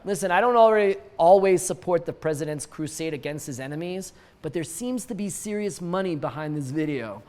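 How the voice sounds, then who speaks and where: Wry, high-voiced man hosting satirical news. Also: lively intonation, brisk, hardly any pauses, a little mellow. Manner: wry, joking asides with chuckles. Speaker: news show host. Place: lives in Mexico City.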